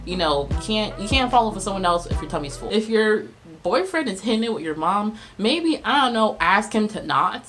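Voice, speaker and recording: A woman, recapping a movie on her channel in a sarcastic, animated way. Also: medium pitch, a little fast, hardly any pauses, faint music behind. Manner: sarcastic, animated, laughs at her own jokes. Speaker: video host reviewing a movie. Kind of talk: casual comedic movie recap.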